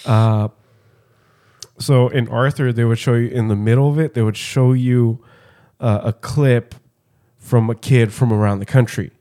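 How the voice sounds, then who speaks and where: A man's voice: mid-range voice, fairly even intonation, measured pace, mellow. Profane rambling male podcast host. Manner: rambling, profane, laughing often. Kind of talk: casual chat.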